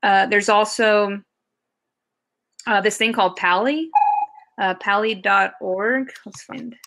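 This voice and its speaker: A woman's voice: mid-range voice, takes it slowly, vocal fry, fairly bright tone. A woman with a Southern US accent, a podcast guest who explains things in loose casual chat, full of fillers and restarts. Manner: rambling, many fillers and restarts.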